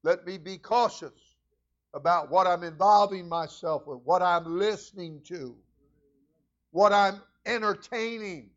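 High-voiced preaching pastor, man. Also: unhurried, dull audio. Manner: preacherly, swings from low asides to loud fervent prayer. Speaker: senior pastor. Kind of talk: sermon.

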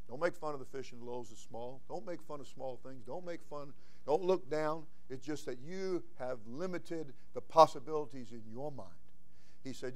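A man preaching a sermon as senior pastor, folksy and plain-spoken, swinging from quiet asides to loud emphatic lines. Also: mid-range voice, normal speed.

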